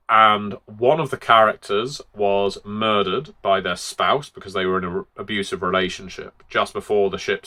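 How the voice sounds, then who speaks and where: A man's voice: on the low side, pushed and bright. A man, a game master and host, explaining tabletop role-play tips in a chatty, demonstrative way.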